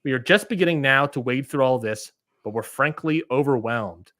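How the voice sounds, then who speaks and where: A man co-hosts a wrestling podcast, chatting casually and rambling with lots of fillers and restarts. His voice is medium-pitched at a normal speed with a fairly bright tone, captured in studio quality with no echo.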